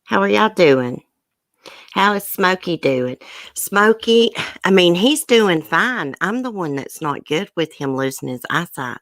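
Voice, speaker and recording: Woman, low voice, chatty live stream host, emotional, dry close sound. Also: expressive, measured pace, no room sound. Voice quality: emotional, soft-hearted. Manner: chatty, greets viewers by name, says y'all. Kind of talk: casual live stream chat.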